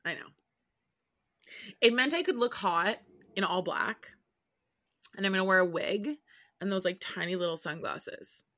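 Young woman co-host, mid-range voice, relaxed and dry in casual chat. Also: medium pitch, a little slow, pauses often. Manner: relaxed, easygoing, lightly sarcastic. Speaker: podcast co-host. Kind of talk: casual chat between friends.

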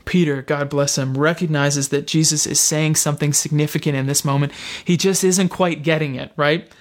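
A man preaching a sermon, retelling a scene in a reflective, storytelling way with slow, deliberate phrasing and pauses. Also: on the high side, fairly even intonation.

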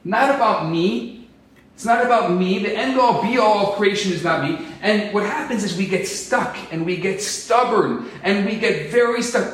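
A man preaching a sermon as a rabbi, animated and acting out quotes in different voices. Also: high-pitched, unhurried. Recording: echoey room, distant mic.

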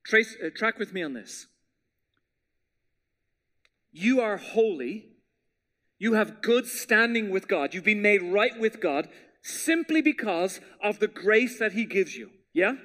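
A man preaching a sermon as pastor, in a conversational style that drops to hushed tones for scripture. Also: sits high, expressive, measured pace.

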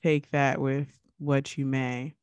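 A woman's voice: rumbling low, flat delivery, takes it slowly, darkish tone, clear, resonant tone, no room sound, lo-fi sound. A woman co-hosting a podcast in casual chat, telling stories in a wry, emphatic way. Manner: chatty storyteller, wry and emphatic. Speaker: podcast co-host.

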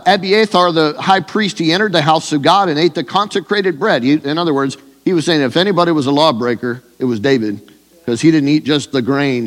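A man's voice: a little high, in a large hall. A man preaching a sermon in a conversational way, with fillers and restarts. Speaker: pastor.

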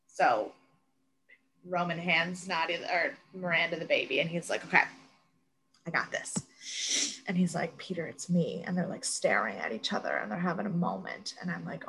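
Bright-voiced woman recapping a show. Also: lowish voice, normal speed, gravelly, rough recording. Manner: animated retelling, quoting characters. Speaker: podcast co-host. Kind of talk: casual TV recap chat.

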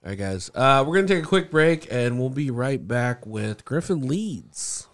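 A young man from Indianapolis hosts a loose, casual podcast. He rambles and jokes, laughing often, in a voice of middling pitch. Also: expressive, measured pace. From Indianapolis, USA. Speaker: podcast host.

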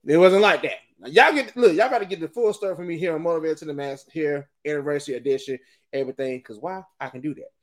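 A middle-aged man hosting a podcast and talking through a rambling, animated, casual monologue, often laughing. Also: on the high side, fast talker. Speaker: podcast host.

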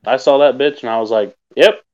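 A young man from central Indiana, chatting casually in a relaxed, agreeable way. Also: medium pitch, fairly quick. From central Indiana, USA. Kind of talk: casual chat. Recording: slightly dull lo-fi sound.

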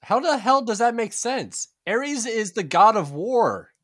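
A man's voice: high-pitched, big pitch swings, measured pace, fairly bright tone. A man co-hosting a casual chat podcast, joking and teasing in wry banter. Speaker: podcast co-host.

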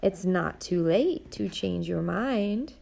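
A woman reading an audiobook, voicing a tempting evil inner voice in a slow, hushed whisper. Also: on the low side, lively intonation, creaky, heavily acted. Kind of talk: audiobook narration.

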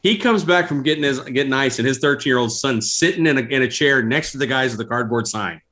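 A man telling stories in a casual interview, animated and laughing as he goes. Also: medium pitch, fast. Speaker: guest. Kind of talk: casual storytelling.

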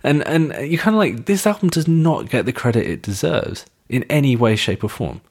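A man of Indian background co-hosting a podcast, talking thoughtfully and often pausing to find his words. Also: medium pitch, expressive, a little mellow, breathy edge. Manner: thoughtful, searching for words, restarts. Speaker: podcast co-host. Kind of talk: casual music discussion.

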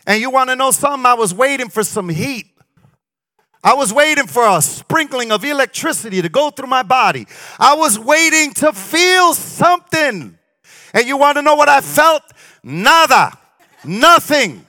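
A man preaching a sermon as pastor, moving from shouted peaks to mocking asides. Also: very high voice, lively intonation, normal speed, dry recording.

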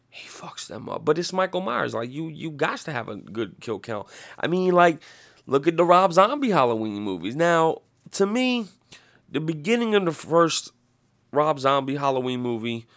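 A man holds forth on a casual podcast, cursing freely as he rambles from point to point. His voice sits a little high for a man and leaps around with lively energy. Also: moderate pace. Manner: rambling, heavy swearing, animated. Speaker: podcast host. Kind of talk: casual profane rant.

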